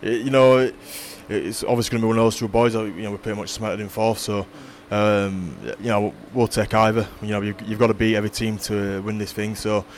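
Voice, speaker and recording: Halting low-voiced rugby man. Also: level tone, a little hiss or hum. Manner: halting, many fillers and restarts. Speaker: rugby league player or coach interviewed. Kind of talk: post-match style interview.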